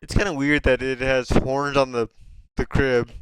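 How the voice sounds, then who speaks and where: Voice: mid-range voice, little pitch movement, normal speed, over music, crowd noise, poor audio. A reaction video host giving dry, brief remarks while watching. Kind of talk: casual reaction commentary.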